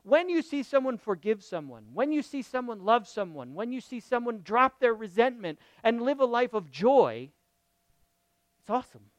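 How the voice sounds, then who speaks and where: A middle-aged male pastor delivers a sermon in a high, animated voice that swoops up and down. His tone is smooth and resonant, recorded dry and close. He talks conversationally and keeps asking the congregation questions. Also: moderate pace, hardly any pauses, no echo. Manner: lively, conversational, asks the audience questions.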